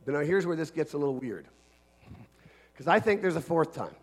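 A man preaching a sermon in an earnest manner, dropping to a hush and then building to shouts. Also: fairly high pitch, animated, fairly quick, husky.

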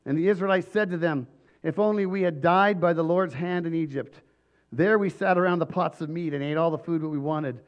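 A man preaching a sermon with emphatic delivery and frequent restarts, his voice slightly hoarse. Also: a little high, fairly quick, muffled recording. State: voice going hoarse. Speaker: pastor.

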